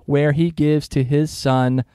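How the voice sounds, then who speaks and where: A man co-hosts a casual history podcast, joking and laughing often as he explains things. His higher-pitched voice is steady, slow, mellow and smooth, captured in a dry, clean studio recording.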